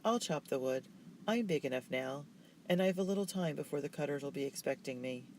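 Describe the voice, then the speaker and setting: A man reading aloud voices a gentle, timid little girl who speaks softly and hesitantly. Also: a little high, expressive, fairly quick, a little hiss or hum, natural voice. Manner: soft and hesitant.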